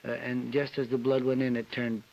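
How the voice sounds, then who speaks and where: A man's voice: medium pitch, level tone, fairly quick, vocal fry, darkish tone. A man telling an emotional personal story as a guest on a television panel show. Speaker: celebrity guest. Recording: dull 1961 TV broadcast with hiss.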